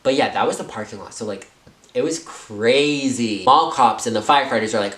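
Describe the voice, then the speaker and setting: Animated young man telling a story. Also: a little fast, echoey room. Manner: animated, filler-heavy, jumps into high voices. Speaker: vlogger. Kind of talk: storytime vlog.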